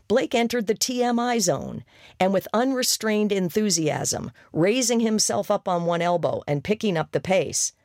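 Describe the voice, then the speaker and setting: Audiobook narrator, gravelly, wry, dry close mic. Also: medium pitch, animated, normal speed, dry recording. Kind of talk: scripted narration.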